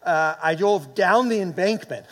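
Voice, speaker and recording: A man's voice: high-pitched, expressive, unhurried, a bit bright. A man in his late fifties or older preaching a sermon, telling a personal story and calling on the congregation to respond. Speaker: pastor.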